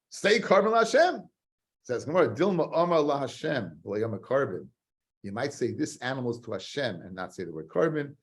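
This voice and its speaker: A man, a rabbi teaching a Talmud study lesson. He repeats phrases for emphasis and mixes Hebrew and Aramaic terms into his English. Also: mid-range voice. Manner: animated, swings between loud emphasis and quiet earnest stress, repeats phrases.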